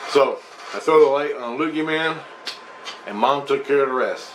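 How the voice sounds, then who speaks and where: A man's voice: mid-range voice, moderate pace, a little hiss or hum, low-quality recording. A man telling a personal story in a rambling, profane, emphatic monologue.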